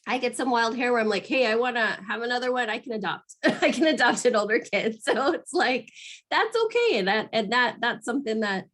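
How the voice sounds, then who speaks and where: Earnest woman with halting restarts. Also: on the high side, expressive, a bit bright. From Arizona, USA. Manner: earnest and emotional, halting restarts, laughs often. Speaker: guest, mother sharing her story. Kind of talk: candid interview talk.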